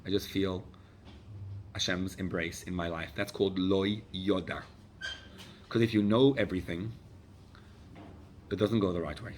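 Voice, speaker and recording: Animated rabbi preaching, loud to hushed. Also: male voice, deep voice, moderate pace, long pauses, slight background noise. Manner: animated, swings from loud urgent exhortation to hushed intimacy; mixes English with Hebrew and Yiddish phrases. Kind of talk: sermon.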